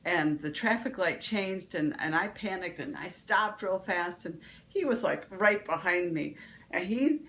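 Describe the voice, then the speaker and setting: A woman's voice: lowish voice, lively intonation, unhurried, fairly bright tone, a little hiss or hum. A woman vlog host, giving a casual motivational talk, rambling with restarts and fillers.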